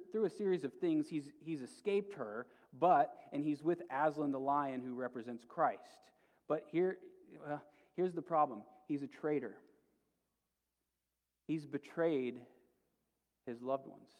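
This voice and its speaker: A male pastor giving a sermon, retelling a story with animated emphasis and repeated phrases. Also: mid-range voice, big-room sound. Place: church sanctuary.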